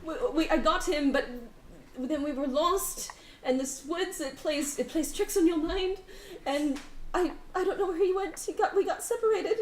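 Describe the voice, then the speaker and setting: A woman's voice: very high-pitched, moderate pace, roomy sound, slight background noise, pitched above the performer's own voice. A woman voicing a desperate, exhausted mother pleading for help to find her lost son, breathless and close to tears. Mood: pleading tearful.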